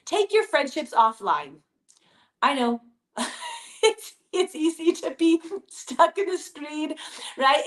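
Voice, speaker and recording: A woman, hosting a casual motivational talk from her home basement in an upbeat, chatty way. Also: high voice. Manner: upbeat, chatty, addresses listeners as you guys. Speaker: podcast host.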